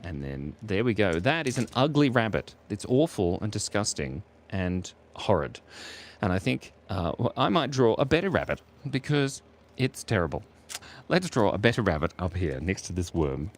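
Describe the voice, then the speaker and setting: A man with an Australian accent and a lowish voice full of big pitch swings chats and jokes with his chat at normal speed while drawing on a live stream. He's playful, reads chat aloud, and laughs often, with slight background noise in the recording.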